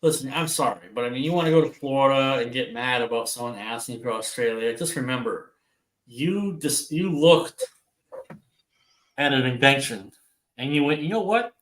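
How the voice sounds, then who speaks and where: Here a livestream co-host, an older man with a Wisconsin Upper Midwest accent, chats casually at normal speed in a mid-range voice. He wanders from topic to topic, swears freely, and laughs plenty, and the recording is rough and reverberant.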